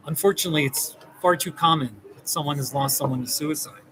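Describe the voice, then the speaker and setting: A man's voice: a little high, moderate pace, few pauses, a bit bright, slight background noise, poor audio. Rambling, reassuring man therapist. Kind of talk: casual direct-to-camera talk.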